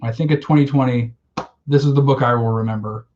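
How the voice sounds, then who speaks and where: Male podcast co-host, casual and emotional, mid pitch, slightly muffled recording. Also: steady tone, fast talker, darkish tone, a little hiss or hum. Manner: enthusiastic, emotional storytelling with swearing. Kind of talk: casual chat.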